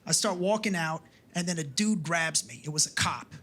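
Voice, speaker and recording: A man's voice: fairly high pitch, animated, normal speed, a bit bright. A male stand-up comedian telling a story in a brash, profane way, tagging his lines with "right?".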